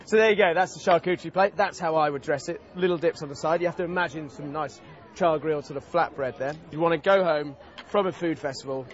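A man's voice: a little high, fast, hardly any pauses, muffled recording. A man demonstrating a cooking dish as a TV chef, talking in a casual, chatty and enthusiastic way at an outdoor food festival.

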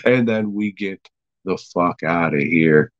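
A man's voice: sits low, slow pace, dry recording, lo-fi sound. A man hosting a podcast, recapping an episode in a profane, rambling way and laughing often. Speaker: podcast host reviewing an episode. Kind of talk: casual chat.

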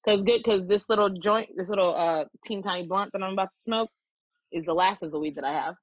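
A man's voice: sits high, fast, dry recording. Chill guy talking easy with friends, kinda dull lo-fi sound, dead dry. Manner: relaxed, mellow stoner talk. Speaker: podcast co-host. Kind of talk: casual chat.

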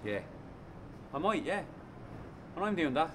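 A young man with a Dublin Irish accent spits resentful, sweary jabs. His slightly high voice swings widely in pitch. Faint background noise runs under the scene. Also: very animated, unhurried, a bit bright. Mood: bitter. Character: resentful young Dublin lad, broke and bitter. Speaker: actor in a comedy series. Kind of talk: scripted comedy drama.

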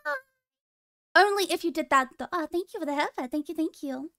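A young woman streams and chats with her viewers in a playful, teasing tone, breaking into giggles often. Her voice sits very high. The sound is dry and close, with no room around it. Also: a little fast, a bit bright, no room sound. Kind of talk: casual stream chat.

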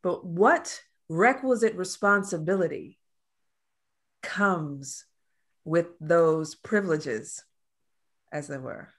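Woman moderator, fairly low voice, effusive, expressive, video call. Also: slow, long pauses. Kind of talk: virtual panel conversation.

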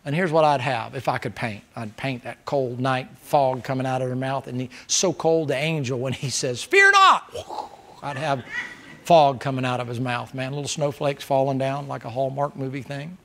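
A man preaching in a folksy, down-home way. His voice sits in a middle pitch, and he swings from loud emphasis to hushed, close moments. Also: fairly even intonation, moderate pace, creaky, hardly any pauses. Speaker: pastor. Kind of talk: sermon.

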